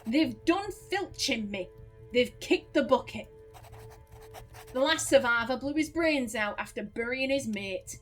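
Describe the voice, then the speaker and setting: A woman voicing a gruff old male farmer who guards his pig, in a grumbling put-on accent, while playing a game. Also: on the high side, expressive, a little slow, faint music behind. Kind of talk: game let's play, reading dialogue aloud.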